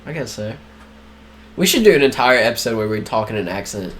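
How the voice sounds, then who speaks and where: A man's voice: lowish voice, lively intonation, a little fast, fairly bright tone, slight background noise. Easily distracted young man, casual podcast. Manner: easily distracted, teasing, laughs often. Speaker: podcast co-host. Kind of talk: casual chat.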